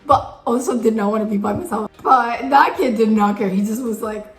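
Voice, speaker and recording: A young woman chats through a story in a high, giggly voice, dropping lots of fillers as she goes. The room rings with a noticeable echo, and soft music plays faintly underneath. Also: steady tone, brisk. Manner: giggly, chatty, many fillers. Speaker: vlogger. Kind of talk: casual storytelling.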